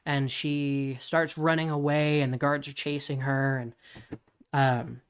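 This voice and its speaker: Podcast co-host, casual brainstorming, rambling, frequent restarts, mid-pitched voice. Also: flat delivery, a little slow, clear, resonant tone. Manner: rambling, lots of restarts while pitching story ideas.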